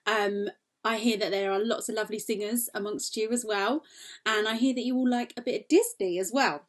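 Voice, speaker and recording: A young woman singing teacher leading a cheerful, encouraging warm-up lesson, demonstrating vocal exercises. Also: medium pitch, steady tone, brisk.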